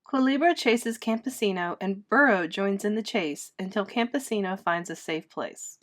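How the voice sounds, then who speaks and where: A woman's voice: mid-range voice, moderate pace, a bit bright. Woman teacher reading a play aloud.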